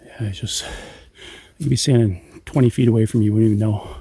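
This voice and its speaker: A middle-aged man hosting a night walk through the woods, talking low and wary into a handheld recorder outdoors. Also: fairly even intonation, quick pace, husky, no room sound. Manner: low-key, hushed and wary. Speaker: channel host. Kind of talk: hushed night walk-and-talk.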